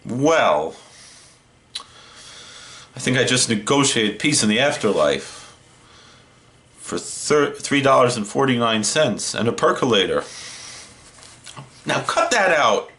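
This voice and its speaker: Deadpan man, lively pitch. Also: measured pace, long pauses, slight background noise. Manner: deadpan, wry. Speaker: horror movie host. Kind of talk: comedic one-sided phone sketch.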